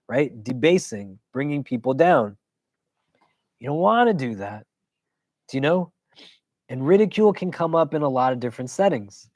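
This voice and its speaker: A man, an imam, teaching a weekly religious class in a casual, conversational way. He keeps checking in with his listeners and tells stories with quick asides. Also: mid-range voice, no echo. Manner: conversational, keeps asking "do you know?"; animated storytelling with quick asides.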